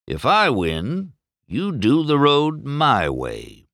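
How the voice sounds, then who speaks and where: A man's voice: mid-range voice, huge pitch swings, slow pace, a bit bright, no room sound, studio quality, voice pushed up, full character voice. A man voicing a cocky young male race car in a storybook read-aloud, rude and impatient.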